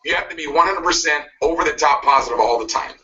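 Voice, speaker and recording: A man's voice: a little high, fast talker, pushed and bright. A man giving a pushy motivational speech, cracking jabs and laughing at his own lines. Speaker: motivational speaker. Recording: muffled video played back from a distance.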